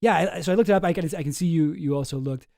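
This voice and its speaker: A man's voice: fairly high pitch, rapid-fire, creaky, warm tone, no room sound. A man streaming casual commentary from home, dry and skeptical, often trailing off into mumbles.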